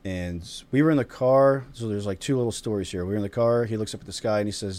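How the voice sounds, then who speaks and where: Low-pitched male host, reflective storyteller, casual round-table chat. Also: fast talker, few pauses, a little mellow. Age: father of a young child. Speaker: podcast host.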